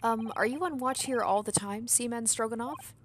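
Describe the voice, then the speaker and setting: Woman voicing a courteous young female assistant, formal, gentle, game reading. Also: on the high side, moderate pace, background noise, natural voice.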